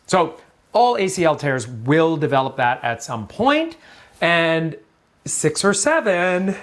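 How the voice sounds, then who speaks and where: A man, an orthopedic doctor, talking through a sports injury in a casual, joking explainer style with lots of fillers and digressions. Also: mid-range voice. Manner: chatty and digressive, jokes around, many fillers. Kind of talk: casual medical explainer talk.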